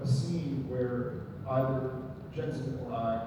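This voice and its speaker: A man's voice: medium pitch, takes it slowly. Man, chatty joker, recorded from afar, long reverb. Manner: joking, chatty storyteller. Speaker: actor on convention panel. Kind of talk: casual anecdote on stage. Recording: echoey hall, distant, dull lo-fi, noisy.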